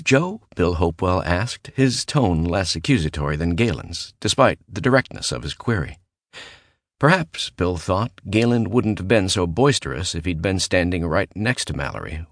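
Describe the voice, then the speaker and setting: A male audiobook narrator reads horror fiction in a measured, even storytelling voice. His tone sits very low and deep. The sound is dry and close, with no room echo. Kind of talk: scripted narration. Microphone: close studio mic.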